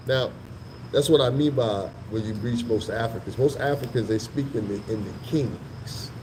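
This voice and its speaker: A man's voice: medium pitch, moderate pace, warm tone, a little hiss or hum, poor audio. A man vlogging in a casual, rambling storytelling monologue that is profane and full of asides. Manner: profane, rambling, laughs between remarks.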